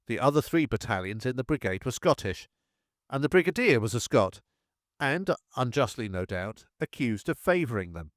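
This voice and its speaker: A man narrating a First World War memoir in a measured, steady reading style. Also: medium pitch, dry recording, clean studio sound.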